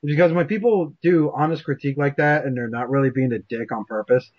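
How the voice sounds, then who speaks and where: A man hosting a casual interview chat, animated and self-deprecating, swearing freely. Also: mid-range voice, quick pace, husky, highs cut off. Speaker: show host.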